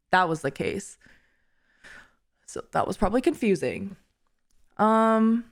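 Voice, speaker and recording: A young adult woman streamer telling a story casually, animated and laughing often as she acts out what people said. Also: medium pitch.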